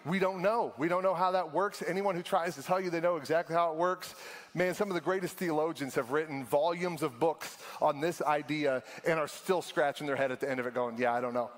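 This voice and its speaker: A young adult man preaching a sermon as a pastor, animated and conversational, laughing often. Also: a little high. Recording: long hall reverb.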